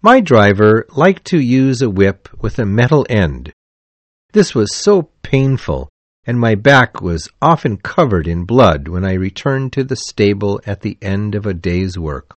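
A man reading a novel aloud as an audiobook, in a measured, expressive storytelling manner. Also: fairly low pitch, no echo. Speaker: audiobook narrator. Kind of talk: scripted audiobook narration.

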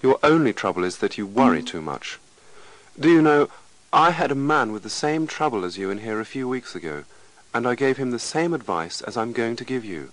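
A man's voice: mid-range voice, expressive, fairly quick, fairly bright tone, pitched above the performer's own voice, natural voice, rough recording. A man voicing a confident male doctor who tells a patient an anecdote in a confiding way.

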